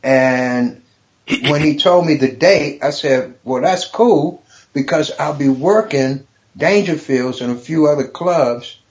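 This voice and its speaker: A middle-aged man, a stand-up comedian guest, telling a story in a profane, animated way, laughing often. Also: a little high, takes it slowly. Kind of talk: casual storytelling. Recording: dull lo-fi podcast recording.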